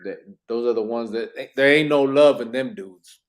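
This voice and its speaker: A male podcast host with a middle-pitched voice and an easygoing delivery. He reads viewer questions aloud and chats casually with his guest. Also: moderate pace. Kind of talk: casual interview.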